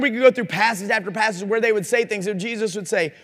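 A man's voice: high voice, quick pace, hardly any pauses, fairly bright tone. A man preaching a sermon at a Christian conference, earnest and challenging, asking his listeners direct questions. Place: conference hall. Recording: live recording in a reverberant hall.

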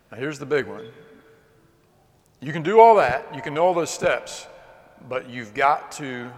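A man preaching a sermon with passion, swinging between loud outbursts and hushed, earnest moments. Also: medium pitch. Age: adult. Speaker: pastor. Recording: long hall reverb.

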